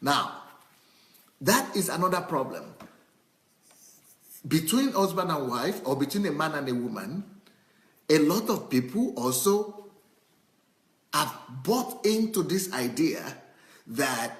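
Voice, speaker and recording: A male pastor preaching a sermon in an animated way, acting out anecdotes and repeating his points. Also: a little high, takes it slowly, long pauses, reverberant, rough recording.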